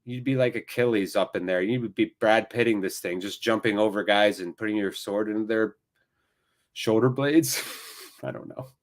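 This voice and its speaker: A man's voice: lowish voice, moderate pace. Chatty man commentating a match. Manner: chatty, jokey, rambling asides. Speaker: watchalong host. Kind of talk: casual live match commentary.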